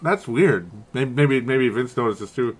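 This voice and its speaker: A man co-hosting a casual sports podcast at a middling pitch. He rambles, stumbles over words and laughs at his own mistakes. His tone stays loose and self-deprecating. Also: expressive, measured pace, husky. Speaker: podcast host.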